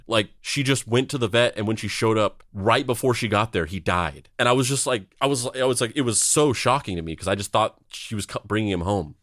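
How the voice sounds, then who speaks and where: A man's voice: medium pitch, a bit bright, no room sound, clean studio sound. A man in his thirties, a podcast co-host, telling a story in a rambling, conversational way with a sardonic, blunt edge. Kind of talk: casual chat.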